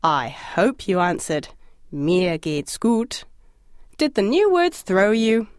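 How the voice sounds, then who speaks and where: A woman narrating a scripted audio language lesson, encouraging and lightly humorous, asking the listener to answer out loud. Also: medium pitch, very animated, takes it slowly, clean tone, dry recording, clean studio sound. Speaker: language course instructor.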